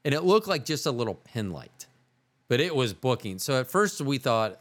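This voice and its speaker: A male podcast host telling a story in a casual, animated way, with some swearing. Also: medium pitch, normal speed. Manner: animated, profane, laid-back.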